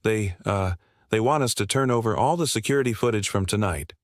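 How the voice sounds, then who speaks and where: A man plays an adult male coworker who hesitates and trips over his words. The voice sits low and sounds dry and close, with no room around it. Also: dry recording, natural voice. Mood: hesitant. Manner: hesitant, halting with filler words.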